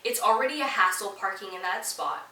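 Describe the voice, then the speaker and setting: A young woman from Toronto hosting a podcast, telling a story in a sassy, animated, heavily profane way. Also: mid-range voice, fairly quick, echoey room, far from the mic, low-quality recording. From Toronto, Canada. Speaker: podcast host. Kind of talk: casual storytelling monologue.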